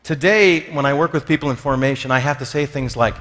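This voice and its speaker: A man with a medium-pitched, fairly bright voice gives a lively, humorous teaching talk on spiritual formation at a brisk pace. He's conversational, jokes at his own expense, and acts out the voices of people he quotes. The recording carries the long reverb of a large hall.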